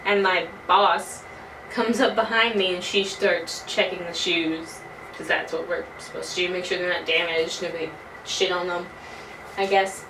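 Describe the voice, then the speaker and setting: A young woman in her early twenties telling a casual, animated story, swearing freely as she talks. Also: fairly low pitch, moderate pace. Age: early 20s. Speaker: vlogger. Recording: roomy, from a distance, faint noise.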